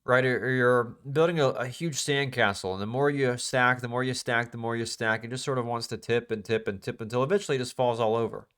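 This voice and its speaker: A man's voice: medium pitch, a little fast, hardly any pauses, fairly bright tone, clear, resonant tone. A man teaching a live trading class in a casual, emphatic way, repeating phrases and asking the class questions. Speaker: trading instructor.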